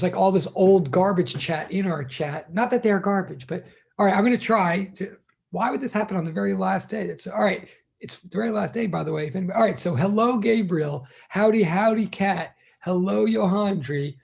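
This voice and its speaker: A man's voice: high voice, brisk, vocal fry, a little mellow. A middle-aged male college teacher on a video call, chatting casually and rambling as he greets his students one by one. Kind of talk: casual online class greeting.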